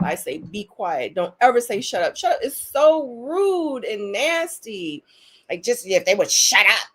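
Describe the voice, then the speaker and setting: Animated woman chatting on a live stream. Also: a little high. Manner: animated, emphatic, repeats words for stress. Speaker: co-host recapping a dating show. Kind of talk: casual live-stream chat.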